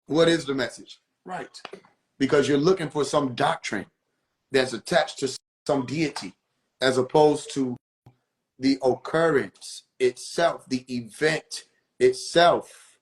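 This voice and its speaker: A man hosting a live stream, giving casual spiritual teaching in a preachy way, repeating his points and putting questions to his viewers. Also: mid-range voice. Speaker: livestream host.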